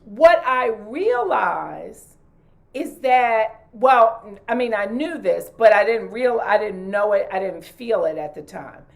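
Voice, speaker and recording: A woman's voice: mid-range voice, expressive, takes it slowly, gravelly. A woman in a casual group chat, speaking reflectively and restarting her sentences as she finds her words. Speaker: panel guest sharing stories.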